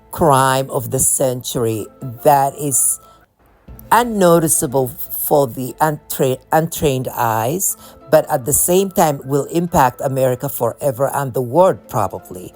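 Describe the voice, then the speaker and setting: Low-voiced impassioned woman. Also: a little mellow. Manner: impassioned, repetitive, with frequent restarts. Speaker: video creator. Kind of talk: monologue to camera.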